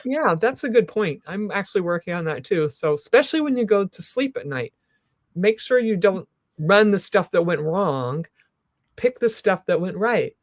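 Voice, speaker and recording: A woman hosting a live talk show, effusive and encouraging, rambling warmly through her questions and sign-off. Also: medium pitch, lively intonation, moderate pace, no room sound, clean studio sound.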